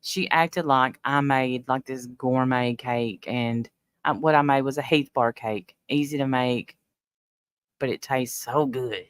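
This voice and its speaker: A woman's voice: very deep voice, fairly even intonation, measured pace, clean tone, dry recording. Teary middle-aged woman chatting to viewers. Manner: emotional, tearful, talks directly to viewers. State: teary, emotional. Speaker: livestream host. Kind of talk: casual livestream chat.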